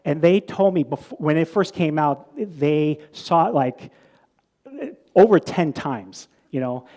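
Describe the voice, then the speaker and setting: A man's voice: on the high side, unhurried, darkish tone. A man giving a conversational sermon to a live audience, telling stories with many restarts and repeated words, then putting questions to the listeners. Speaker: preacher.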